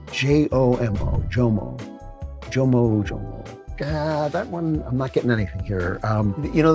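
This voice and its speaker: A man in his late seventies hosting a comedic talk segment, dry and sarcastic, muttering asides as he guesses. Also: mid-range voice. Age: 70s. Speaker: show host.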